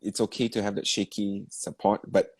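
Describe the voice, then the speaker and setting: A man's voice: fairly low pitch, little pitch movement, normal speed, a little mellow, husky, dry recording. A man giving feedback as a vocal coach in an online masterclass, asking probing questions and encouraging with easy laughs. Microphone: video call.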